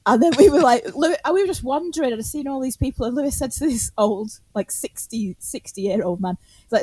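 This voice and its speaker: A casual podcast storyteller, a woman whose voice sits a little high. She laughs often, acts out what people said and swears without a second thought. The sound is dry and close. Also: fast, dark tone, breathy edge, dry recording. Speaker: podcast co-host.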